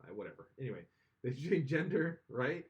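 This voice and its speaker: A man's voice: medium pitch, very animated, moderate pace. Opinionated man rambling on a podcast. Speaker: podcast co-host. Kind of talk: casual podcast chat.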